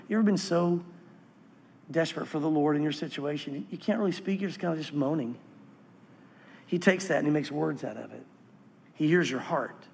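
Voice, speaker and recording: A man preaching a sermon as pastor, earnest and swinging from animated to hushed. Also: fairly high pitch, big-room sound.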